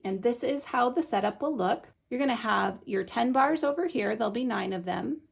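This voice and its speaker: Her voice runs on the high side, gravelly with a breathy edge, at a normal speed. She's a Montessori teacher demonstrating a lesson, explaining each step patiently and instructively.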